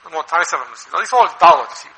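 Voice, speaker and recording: A man preaching a sermon as an Islamic preacher, animated and full of rhetorical questions. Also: on the high side, fast talker, low-quality recording. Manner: animated, asks rhetorical questions, acts out quoted voices.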